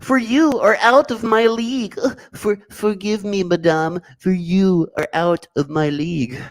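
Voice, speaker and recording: A man putting on a prissy high-voiced suitor. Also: fairly even intonation, a little slow. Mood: mock courtly. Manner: exaggerated theatrical delivery.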